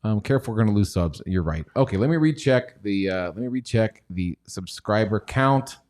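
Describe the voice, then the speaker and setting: Low-voiced joking male stream host. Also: expressive, moderate pace, darkish tone. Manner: joking, rambling, reads chat aloud. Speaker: livestream host. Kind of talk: casual banter on a stock livestream.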